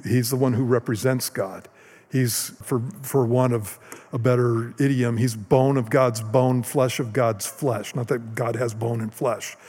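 A middle-aged man delivers a conversational sermon in an easygoing storytelling manner, often doubling back on his words. His voice sits at an ordinary middle pitch. The sound carries a long reverb from a church hall. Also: a little mellow, breathy edge. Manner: casual, storytelling, repeats words as he talks. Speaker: pastor.

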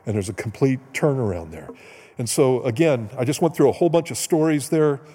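A man preaching a relaxed, conversational sermon, his voice mellow and dark in tone. The sound carries a long hall reverb, as in a church sanctuary. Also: mid-range voice, breathy edge. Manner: conversational storytelling, quick asides and chuckles. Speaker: pastor.

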